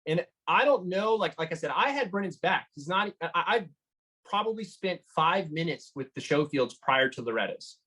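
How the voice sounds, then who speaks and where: A man giving an interview, retelling a tense encounter in an animated way, with lots of fillers and restarts. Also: sits high, moderate pace, husky, low-quality recording. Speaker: motorcycle engine builder guest. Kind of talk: storytelling interview.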